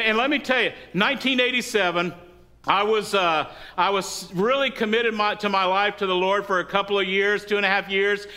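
A middle-aged man preaching a sermon in a church, telling stories and asking the congregation for responses. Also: high voice. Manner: lively storytelling, asks the congregation for responses. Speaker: pastor.

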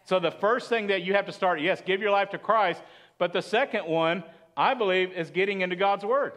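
A man's voice: high voice, moderate pace, fairly bright tone. A man preaching a sermon as pastor, chatty and asking the congregation questions. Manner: conversational, asks the congregation questions.

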